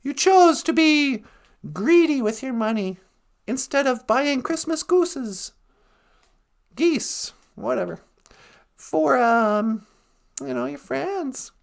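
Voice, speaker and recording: A woman's voice: high-pitched, animated, slow pace, vocal fry, pauses often, full character voice. A woman voicing a male Christmas ghost who lectures in a matter-of-fact, scolding way in a comic retelling. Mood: grim.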